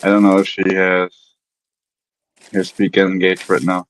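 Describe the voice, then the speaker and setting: A man's voice: sits low, completely flat delivery, moderate pace. A man chatting casually on a live stream panel from home, rambling with lots of fillers and restarts. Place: home in Germany. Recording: dull lo-fi stream audio.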